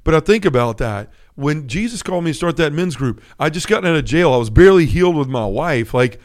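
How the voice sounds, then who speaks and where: Middle-aged guy on a faith podcast, talking earnest and casual, a bit higher voice, keeps saying "right?". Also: animated, fast. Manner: earnest, conversational, with frequent "right?" and "like". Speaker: podcast host. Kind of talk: Catholic faith talk, personal testimony.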